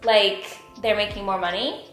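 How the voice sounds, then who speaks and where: A woman's voice: mid-range voice, measured pace, fairly bright tone. A woman from the United States with an American accent, co-hosting a casual vlog in a playful, giggly way. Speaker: co-host. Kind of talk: casual chat. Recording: echoey room with faint music.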